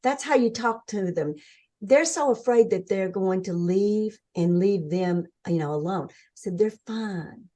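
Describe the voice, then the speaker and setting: An older woman as an interview guest, telling her story in an earnest, animated way and acting out what others said. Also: medium pitch, measured pace. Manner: earnest, animated storytelling, acts out quoted voices. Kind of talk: conversational interview.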